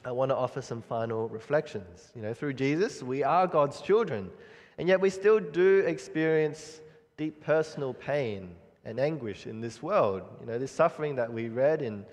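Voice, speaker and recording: A man preaching a sermon in an earnest, measured way, pausing and restarting often. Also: medium pitch, animated. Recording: long reverb of a hall.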